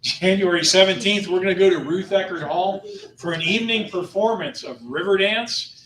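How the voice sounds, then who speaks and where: A man's voice: high voice, normal speed, a bit bright. A man in his fifties hosting a travel club meeting, announcing upcoming trips in a jokey, upbeat way and laughing between items. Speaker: tour company host. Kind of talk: casual club presentation. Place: meeting room. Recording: echoey room from far off.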